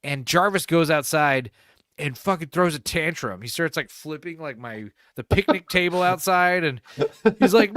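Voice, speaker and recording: A man's voice: fairly high pitch, animated, moderate pace, fairly bright tone, dry recording. A young man co-hosting a podcast, telling stories in a rambling, profane way, laughing often and acting out quotes. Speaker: podcast co-host. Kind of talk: casual storytelling chat.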